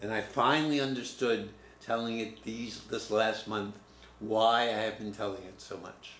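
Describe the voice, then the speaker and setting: A man in his seventies, a writing teacher, telling a personal story in a reflective, halting way. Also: on the low side, steady tone, a bit bright. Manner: reflective, halting, restarts mid-word. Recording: roomy echo, faint room noise.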